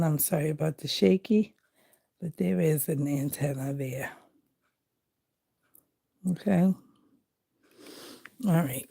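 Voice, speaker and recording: A woman with a low, gravelly voice talks slowly and easily to her livestream viewers, rambling between thoughts. Her tone is mellow and dark. She greets people and fills the gaps with soft asides. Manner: chatty and rambling, greeting viewers, many fillers. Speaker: livestream host. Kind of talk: casual live-stream chat while collaging.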